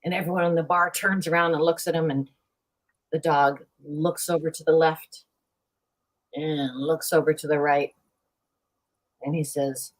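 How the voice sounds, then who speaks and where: A woman chatting as a guest on a live show, playful and lively as she tells a long joke. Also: deep voice, unhurried, long pauses. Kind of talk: casual chat, telling a joke.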